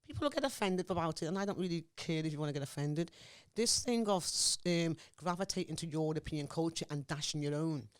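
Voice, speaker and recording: Fast-talking Scouse woman, impassioned. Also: low voice. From Liverpool, England. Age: 40s. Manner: emphatic, forthright, often asks "you understand me?". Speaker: interview guest. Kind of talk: impassioned interview talk.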